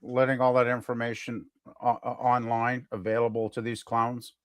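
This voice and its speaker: A man's voice: medium pitch, monotone, moderate pace, no room sound, studio quality. A man co-hosting a podcast in casual chat, rambling with lots of fillers and restarts.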